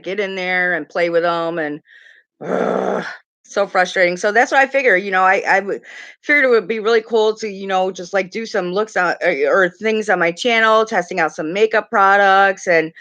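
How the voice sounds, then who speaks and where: A woman's voice: mid-range voice, fairly bright tone. A middle-aged woman hosting a casual makeup livestream, chatting loosely with viewers, rambling and swearing now and then. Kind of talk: casual livestream chat reading comments.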